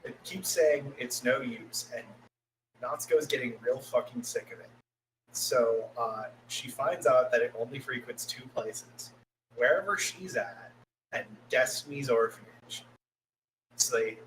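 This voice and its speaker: This man co-hosts a podcast and walks his friends through an anime episode in a loose, profane way. He acts out the characters' quoted lines mid-story, at an everyday middle pitch, with a faint hum underneath. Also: fairly bright tone, poor audio. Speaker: podcast co-host. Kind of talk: casual anime episode recap.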